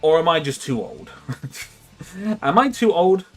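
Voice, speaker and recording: A man's voice: on the high side, lively intonation, slow pace, soft background music. Rambling man livestreaming. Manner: rambling, self-mocking, laughs often. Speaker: streamer. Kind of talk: casual livestream chat.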